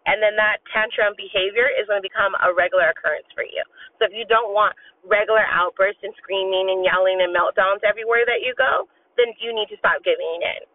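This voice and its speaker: Mom giving earnest parenting advice, a touch hoarse, lots of ums, thin phone-like audio. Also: female voice, medium pitch, fairly even intonation, brisk, far from the mic, slight background noise. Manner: earnest, direct, many filler ums. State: slightly hoarse. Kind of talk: casual advice talk. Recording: tinny phone-like sound.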